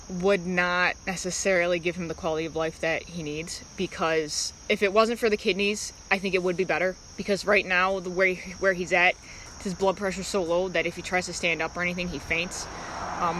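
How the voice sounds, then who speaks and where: A woman talks on a live stream in a bright, forward voice. Her casual chat rambles and halts, and she keeps breaking off to greet viewers by name. Faint crickets and passing cars can be heard behind her. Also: on the low side, level tone, brisk, slight background noise, low-quality recording.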